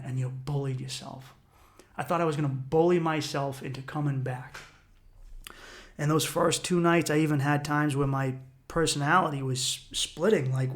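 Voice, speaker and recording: A man in his thirties hosting a solo podcast, telling a personal story in an intense, profane way and acting out his own inner voices. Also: a little high. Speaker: podcast host.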